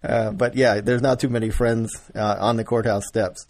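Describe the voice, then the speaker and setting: A man hosting a casual chat about property auctions, relaxed and often chuckling as he tells stories. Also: fairly low pitch, normal speed, no echo. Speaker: real estate investor, host.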